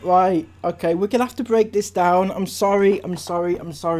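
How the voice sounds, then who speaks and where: A woman's voice: medium pitch, normal speed, hardly any pauses, darkish tone. A woman reacting to a clip at home, exasperated, swearing and breaking into laughter as she comments. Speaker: online commentator.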